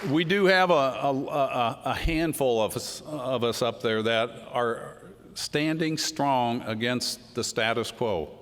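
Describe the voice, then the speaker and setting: Folksy congressman, middle-aged, mid-pitched, off-the-cuff speech with long hall echo. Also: slow pace, a bit bright, slight background noise. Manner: folksy, storytelling, says y'all. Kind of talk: unscripted political speech. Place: large hall before a crowd. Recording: hall reverb with crowd.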